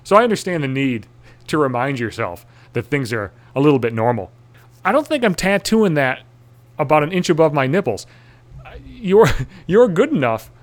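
A man's voice: mid-range voice, very animated, a little fast. A man talks through a loose comedic monologue in a mid-range voice, cursing constantly. He rambles anxiously and mocks himself, often tripping over and restarting his sentences. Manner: profane, self-deprecating, anxious rambling with restarts.

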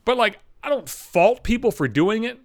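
Profane ranting man, lively pitch. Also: normal speed, no room sound, clean studio sound. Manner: ranting, profane, sarcastic, with mocking voices for others. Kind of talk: profane comedic rant.

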